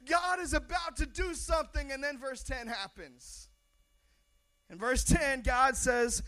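Male pastor, high voice, lively excitable storytelling sermon. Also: unhurried.

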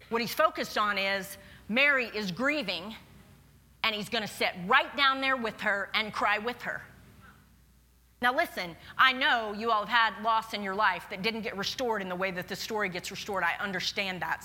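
A woman in her forties preaching a sermon, reading scripture and speaking earnestly and personally, slowing down for emphasis. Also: mid-range voice, sharp tone.

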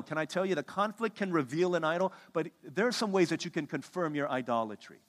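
A man preaching a sermon, animated, acting out the voices of the people he quotes. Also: a little high, a little fast, few pauses, long reverb tail. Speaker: pastor.

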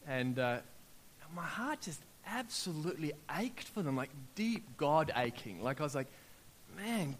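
A middle-aged Australian man with a voice on the high side preaches a sermon, sharing personal testimonies and acting out what people said. His delivery builds to loud, excited peaks, and there's a little hiss or hum in the recording.

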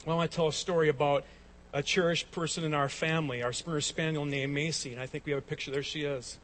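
A man's voice: fairly high pitch, fairly even intonation, fast, a bit bright, a little hiss or hum. A man in his forties preaching a sermon as a pastor, telling stories and rising to emphatic peaks. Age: 40s.

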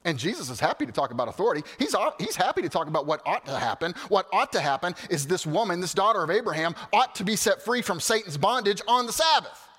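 Animated high-voiced preacher in a hall. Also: male voice, fast talker, few pauses, slightly rough. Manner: animated, swings from loud exclamations to quiet asides. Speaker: pastor. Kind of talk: sermon. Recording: hall reverb.

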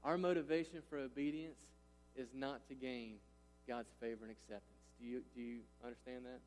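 Emphatic pastor preaching in a reverberant hall. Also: male voice, medium pitch, little pitch movement, fairly quick, a little mellow. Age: 30s. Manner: emphatic, repeats "right?" and "listen" to engage listeners. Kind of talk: sermon.

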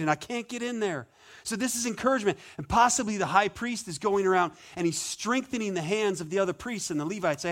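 A man preaching a sermon as pastor, conversational and animated, with playful asides. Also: high-pitched, quick pace.

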